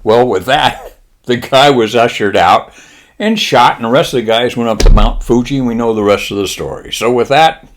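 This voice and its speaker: A man's voice: medium pitch, moderate pace. A man hosting a show, telling a rambling comic anecdote with fillers and asides. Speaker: show host. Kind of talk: comic storytelling.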